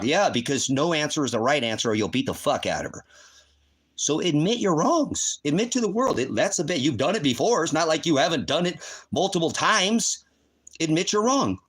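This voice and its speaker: A man's voice: a little high, sing-song, normal speed, fairly bright tone, breathy edge. A man hosting a livestream, ranting in a heated, profane, accusing way. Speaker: livestream host. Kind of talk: angry livestream rant.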